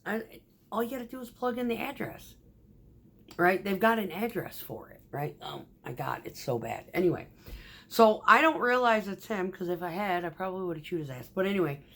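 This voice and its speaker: A woman who drives a concrete mixer truck, telling profane, animated stories about her workday in a casual vlog. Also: medium pitch, normal speed, vocal fry. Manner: profane, animated, acts out quoted voices.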